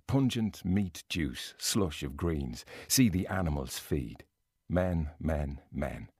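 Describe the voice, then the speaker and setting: A deep-voiced reader in a mock Irish accent, put on by a man, savouring every grimy detail of a scene. The delivery is slow and deliberate. The sound is dry and close. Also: darkish tone, breathy edge, no room sound, heavily acted. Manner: slow, relishing, vivid reading. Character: man reading a gritty novel passage in mock Irish.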